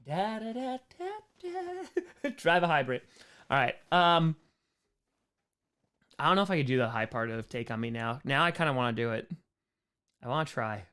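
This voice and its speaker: A man with a strained, hoarse voice, reading viewer questions aloud and joking at his own expense in a casual livestream Q&A. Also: medium pitch, normal speed, long pauses. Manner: animated, reads chat aloud, self-mocking jokes. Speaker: streamer answering viewer questions.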